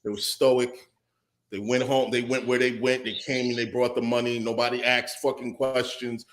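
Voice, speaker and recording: A man's voice: mid-range voice, level tone, normal speed, fairly bright tone. A man co-hosting a podcast, ranting in casual chat with a profane, emphatic manner. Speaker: podcast co-host.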